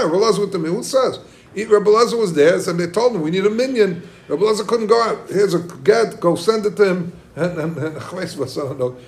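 A man giving an excited Talmud lecture to students, restarting often and asking listeners questions. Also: sits high. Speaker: Talmud teacher.

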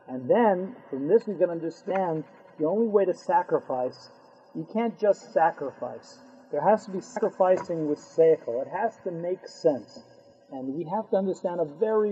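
A man's voice: high voice, husky. A man teaching a Torah class, telling a story with humorous asides and Yiddish and Hebrew words. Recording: dull lo-fi recording.

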